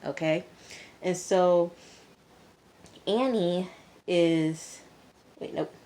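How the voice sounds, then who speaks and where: A woman's voice: low voice, darkish tone. A young woman casually recapping a TV episode, with a chatty delivery full of "um" and "you know". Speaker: TV reviewer.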